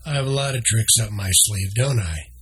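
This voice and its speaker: A man's voice: on the low side, moderate pace, fairly bright tone, breathy edge. A man voicing a confident, playful male meerkat who guides and teases a boy.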